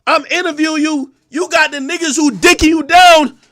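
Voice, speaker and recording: A man from Jamaica hosting his own show, delivering a profane, aggressive, confrontational rant and often breaking into shouts. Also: very high-pitched, fairly even intonation, moderate pace. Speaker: host. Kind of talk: ranting livestream commentary.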